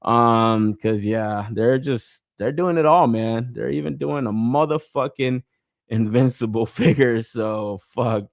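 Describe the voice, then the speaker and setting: A man's voice: medium pitch, slow, gravelly, no echo, studio quality. A man hosting a podcast in casual chat, rambling and swearing a lot, with plenty of fillers and frequent laughs. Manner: rambling, profane, with lots of fillers; laughs often while talking. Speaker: podcast host. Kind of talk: casual chat reading live comments.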